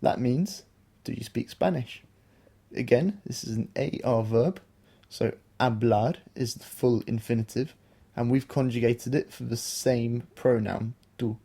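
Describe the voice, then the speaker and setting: Male podcast teacher, patient and explanatory, mellow low-key tone. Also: unhurried, creaky, husky. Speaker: language teacher, podcast co-host. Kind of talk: explaining a beginner language lesson.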